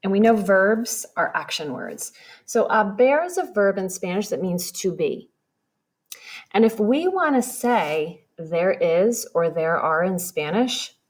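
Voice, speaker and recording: A woman teacher giving a recorded lesson to young children, explaining slowly and patiently. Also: medium pitch. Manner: patient, slow and explanatory, addressing kids directly.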